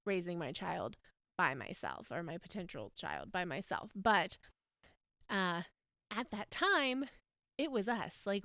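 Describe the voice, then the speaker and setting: Candid woman in her thirties, smooth voice. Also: mid-range voice, a bit bright, no room sound, clean studio sound. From United States. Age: 30s. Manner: candid, rambling, emotional, with frequent fillers and laughs. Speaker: podcast host. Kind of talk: personal storytelling monologue.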